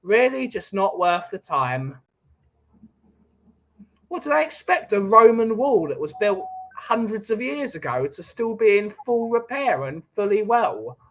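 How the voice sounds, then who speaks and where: A man's voice: sits high, big pitch swings, measured pace, a bit bright. A man hosting a casual podcast chat, joking around and reading out audience comments. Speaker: podcast host.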